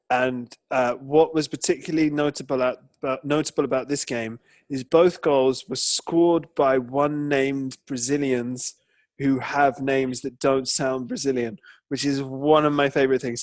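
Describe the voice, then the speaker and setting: A man's voice: medium pitch, steady tone, normal speed, no echo. A man co-hosting a football chat, telling jokes in a dry storytelling manner. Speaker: co-host.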